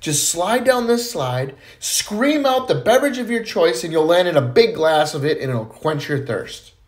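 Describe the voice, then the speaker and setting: A man's voice: on the high side, animated, normal speed, lightly acted. A man voicing a friendly genie who gives instructions. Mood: helpful. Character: friendly male desert genie.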